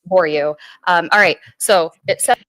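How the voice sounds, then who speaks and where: A woman's voice: fairly low pitch, a little slow, a bit bright, dry recording, poor audio. A woman game master making her point in a debate, hesitant, with many ums and restarts. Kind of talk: debate statement.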